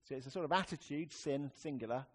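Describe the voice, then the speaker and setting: A man preaching a sermon in a conversational, wry way, swinging between emphatic rises and quiet, serious drops. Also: fairly high pitch, fast talker.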